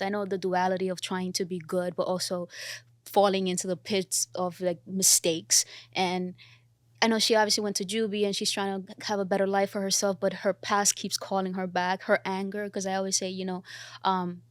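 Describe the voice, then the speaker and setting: Earnest, animated young actress. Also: female voice, mid-range voice, a little fast, no echo, clean studio sound. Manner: animated, earnest, quoting herself and others. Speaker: actor, interview guest. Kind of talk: casual interview.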